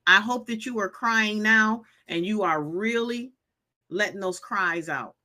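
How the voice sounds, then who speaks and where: Bright and forceful at a medium pitch, this live show host in her 50s speaks at a measured pace. She gives healing advice in an emphatic, preachy way, going over her points again and reading out viewers' comments.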